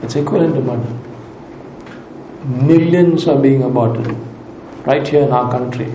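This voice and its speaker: A man's voice: mid-range voice, moderate pace, dark tone, slight background noise. A man preaching a sermon, emphatic and repeating key phrases for weight. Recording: roomy hall echo.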